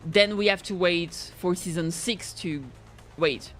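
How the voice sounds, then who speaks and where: A woman streaming a game, chatting in an excitable, rambling way, swearing and reading game lines aloud. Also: on the low side, takes it slowly, faint music behind. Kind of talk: casual gameplay chat.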